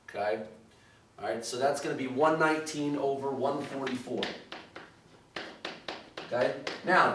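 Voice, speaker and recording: A male math teacher talks through trig problems in a relaxed, repetitive way, checking in with "okay?" after each step. His voice sits at an ordinary pitch and comes across a bit distant from the mic. The room is echoey, with clear background noise. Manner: casual, repetitive "okay, all right" checks. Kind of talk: recorded math lesson walkthrough.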